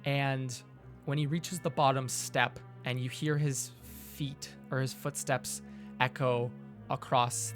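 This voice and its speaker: A man narrating a tabletop game as game master in a measured, descriptive way. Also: medium pitch.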